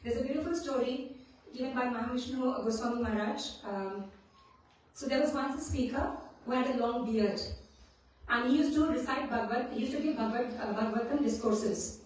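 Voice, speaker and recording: High-voiced woman teaching scripture in an echoey hall. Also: fairly quick. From India. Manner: storytelling, often checks in with "right?". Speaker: scripture class speaker. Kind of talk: devotional scripture class. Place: temple hall. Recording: very echoey hall, mic at a distance.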